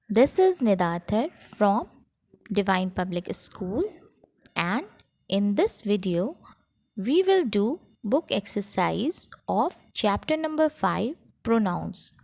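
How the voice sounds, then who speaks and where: Slow sing-song Indian English teacher. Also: female voice, medium pitch, creaky, darkish tone, no room sound. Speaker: school teacher. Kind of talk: recorded grammar lesson for children.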